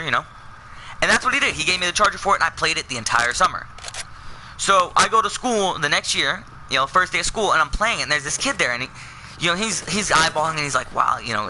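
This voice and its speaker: A man's voice: on the high side, pushed and bright, slight background noise, poor audio. A young man telling a personal story in a casual, rambling way, full of fillers and self-corrections. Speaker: vlogger.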